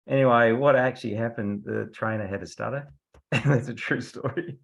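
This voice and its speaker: A man's voice: medium pitch, moderate pace, vocal fry. A man, a veteran football umpire, telling anecdotes casually on a video call. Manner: chatty anecdotal storyteller, laughs at his own stories.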